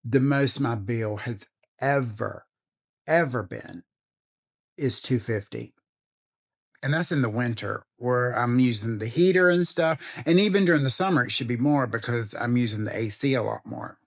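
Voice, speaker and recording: A frustrated man rants straight to camera. His voice has a gravelly, creaky grain, and he sounds angry and drained. He swears freely as he vents. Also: mid-range voice, animated, moderate pace. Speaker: vlogger. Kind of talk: venting to camera.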